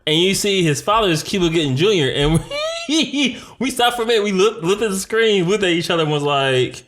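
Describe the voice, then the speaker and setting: Teasing man with a lively, swinging pitch. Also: fairly quick. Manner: teasing, laid-back, with bursts of excitement. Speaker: podcast co-host. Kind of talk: casual chat.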